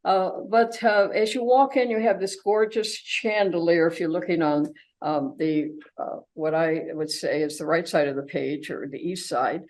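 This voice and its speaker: A woman's voice: on the low side, steady tone, moderate pace, a little mellow, low-quality recording. An older woman giving an informal travel slide talk, chatty and full of fillers and restarts. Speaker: travelogue presenter.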